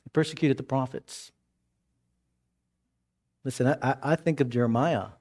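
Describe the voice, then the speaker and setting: A male pastor, preaching a sermon in an animated way, his voice climbing high in the stories and dropping soft for emphasis, then leading a prayer. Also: moderate pace.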